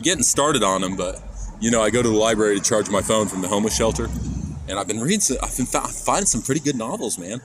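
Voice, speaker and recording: This Kansas, USA, man is an IRL streamer doing a casual walking live-stream outdoors on city streets, swearing and rambling directly to his chat. He has a mid-range voice, recorded on a handheld phone with loud traffic and street noise in the background.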